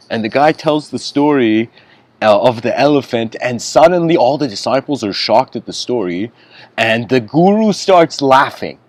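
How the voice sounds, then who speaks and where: A man's voice: fairly low pitch, lively intonation, normal speed, darkish tone. A man giving a spiritual lecture, telling a story in a casual, conversational way with frequent asides.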